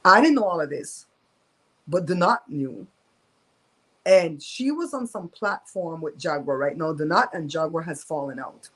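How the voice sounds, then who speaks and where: A woman's voice: low-pitched, low-quality recording. A woman hosting a casual live-stream storytime from home, talking in a candid, emphatic and gossipy way. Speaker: host of a live show.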